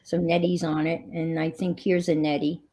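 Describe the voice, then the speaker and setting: A woman's voice: low voice, little pitch movement, moderate pace, mellow. Chatty woman hosting a crafting stream. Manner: chatty, rambling. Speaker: crafting livestream host. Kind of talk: casual chat. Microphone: computer mic on a livestream.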